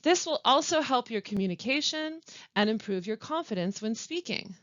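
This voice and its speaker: Woman, webinar instructor, clear deliberate delivery, dry dull lo-fi recording. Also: a little high, animated, a bit bright, dry recording. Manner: clear, deliberate teaching delivery with careful pauses. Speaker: language support specialist.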